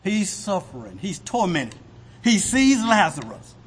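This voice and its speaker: A man preaching a sermon with a husky voice, asking the congregation rhetorical questions. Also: high voice, sing-song, a little slow, a little hiss or hum. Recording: long hall reverb.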